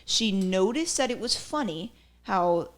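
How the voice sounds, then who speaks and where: A woman's voice: mid-range voice, expressive, measured pace. Chatty opinionated woman podcast host. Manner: chatty, opinionated, many fillers. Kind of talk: casual commentary.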